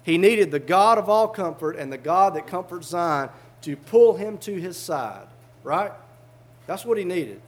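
A man's voice: high-pitched, lively intonation, unhurried. A man preaching a sermon, fervently reading old scripture aloud and explaining it in plain everyday words.

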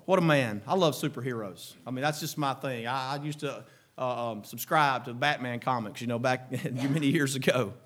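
A man delivers a fervent sermon, erupting into shouted exclamations before dropping to quieter, chuckling asides. His voice is medium-pitched at a normal speed.

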